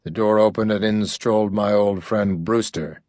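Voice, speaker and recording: A man's voice: lowish voice, fairly even intonation, moderate pace, darkish tone, dry recording. Dry, sardonic male audiobook narrator. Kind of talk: hardboiled first-person audiobook narration.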